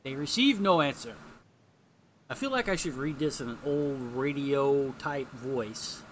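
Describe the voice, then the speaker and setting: A man's voice: mid-range voice, lively intonation, a little slow, a bit bright, a little hiss or hum. A man casually reading a comic book aloud and chatting, rambling with lots of fillers. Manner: rambling, filler-heavy, informal.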